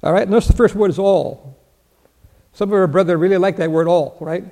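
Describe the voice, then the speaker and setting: An older man preaching in a large hall with a long reverb. His voice is high-pitched, gravelly and mellow. He puts questions to his listeners, answers them himself and chuckles along the way. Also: brisk. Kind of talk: sermon with Bible teaching.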